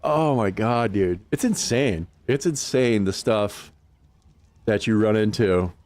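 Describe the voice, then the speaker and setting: Here a livestreamer chats casually over a game, swearing and laughing frequently as he loosely tells stories. His voice has a fairly low pitch, lively intonation, a slow pace and a darkish tone, with slight background noise.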